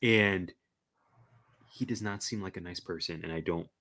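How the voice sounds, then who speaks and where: Deep-voiced man hosting a podcast. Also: moderate pace, pushed and bright. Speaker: podcast host. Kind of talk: casual podcast chat.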